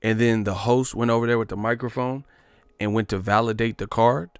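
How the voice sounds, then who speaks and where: A man's voice: mid-range voice, fairly even intonation, a little fast, clean tone, no echo. A man telling a profane, rambling comic story in casual slang. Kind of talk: casual comedic storytelling monologue.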